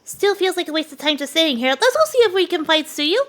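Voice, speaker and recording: A woman streamer reading game dialogue aloud in a plain, even manner. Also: very high-pitched, fast talker.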